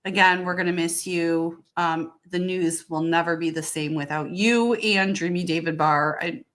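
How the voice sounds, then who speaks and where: A woman co-hosting a podcast, chatting in a warm, teasing way. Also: lowish voice, steady tone, moderate pace. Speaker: podcast co-host. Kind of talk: casual chat.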